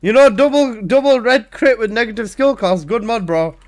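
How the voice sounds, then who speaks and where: High-voiced excitable gaming streamer man. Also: normal speed. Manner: excitable, teasing, swears, repeats himself. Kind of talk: casual live-stream banter.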